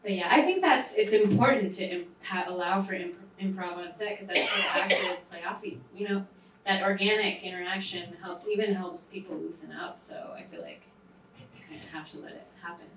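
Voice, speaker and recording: A woman's voice: medium pitch, brisk, fairly bright tone, slight background noise. A woman film director speaking casually at a panel Q&A, with many fillers. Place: private screening venue. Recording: roomy hall, far from mic.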